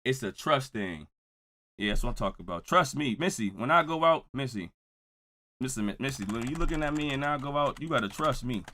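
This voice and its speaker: A young man streaming casual reaction commentary and joking with his live chat. His delivery swings from loud outbursts to low mutters. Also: expressive, quick pace.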